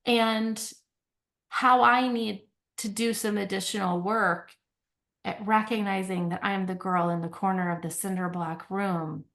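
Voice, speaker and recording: A woman's voice: mid-range voice, steady tone, measured pace, gravelly, a bit bright. A woman guest on a podcast who talks about healing in a reflective, earnest way, often checking in with a questioning "right?". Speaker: podcast guest, company CEO. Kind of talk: conversational podcast interview.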